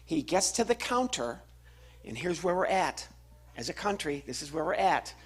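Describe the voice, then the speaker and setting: A man's voice: a little high, moderate pace, slightly rough, soft background music. A man doing a stand-up comedy routine, telling a story on stage and acting out the voices of its people. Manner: animated storytelling with acted-out voices. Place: live venue with laughing audience.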